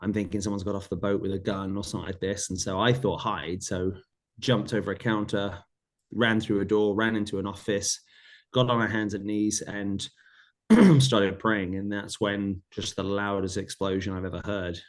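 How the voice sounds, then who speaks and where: A man's voice: lowish voice, steady tone, normal speed. A middle-aged man, a podcast guest, earnestly retelling a personal story in vivid detail, often repeating phrases.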